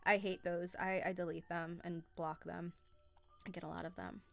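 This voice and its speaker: A young adult woman hosting a casual live stream, chatty and excitable, greeting viewers by name as she talks. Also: lowish voice, normal speed, creaky, faint music behind.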